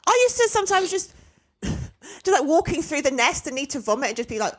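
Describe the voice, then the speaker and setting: A British woman co-hosting a podcast in casual chat, throwing in quick quips and laughing along. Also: high-pitched, big pitch swings. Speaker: podcast co-host.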